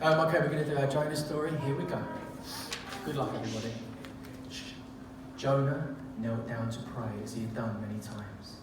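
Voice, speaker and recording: A man's voice: mid-range voice, fairly even intonation, fairly quick. A man telling a comic story playfully, laughing at his own jokes. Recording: echoey room, distant mic, noisy.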